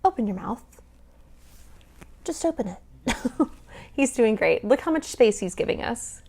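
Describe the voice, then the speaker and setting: A woman vocal coach giving lively, casual reaction commentary, often singing short examples and laughing. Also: fairly high pitch, unhurried, slightly rough. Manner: animated, demonstrative, sings examples, laughs often.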